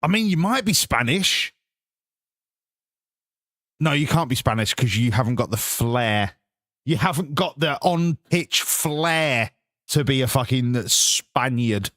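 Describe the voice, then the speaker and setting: A man's voice: mid-range voice, animated, slow, long pauses, fairly bright tone, no echo, clean studio sound. A man with an English accent streaming live, chatting casually and swearing while bantering with his viewers.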